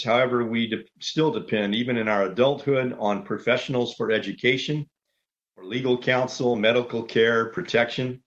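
Measured male pastor, dull lo-fi sound. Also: medium pitch. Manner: measured, orderly, lays out numbered points. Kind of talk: sermon.

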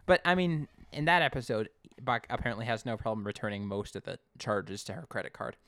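A man casually recapping an episode as a podcast co-host, chatty and animated. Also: fairly low pitch, a little fast, dry recording, clean studio sound. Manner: chatty, animated storytelling with acted quotes.

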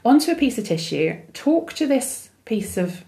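A woman's voice: on the high side, very animated, normal speed, mellow. A middle-aged woman, co-hosting a podcast in casual chat and telling stories with acted-out quotes. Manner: chatty storyteller, acts out quoted dialogue. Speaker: podcast co-host.

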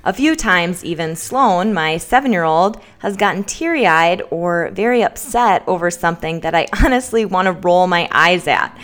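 A woman's voice: on the low side, animated, normal speed, few pauses, fairly bright tone. A woman in her thirties co-hosting a parenting podcast, working methodically through numbered tips. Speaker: podcast co-host.

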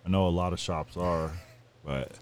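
A man in a casual chat with friends, giving short, relaxed reactions. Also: low voice, moderate pace.

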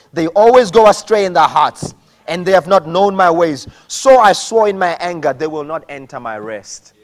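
A male pastor preaching a sermon, animated, rising to shouts and acting out the people he quotes. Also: sits high.

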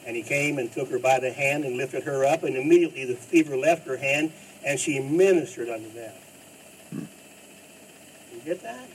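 A pastor preaching a sermon in an emphatic style, rising to loud bursts and dropping low. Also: male voice, normal speed. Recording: distant mic with faint noise.

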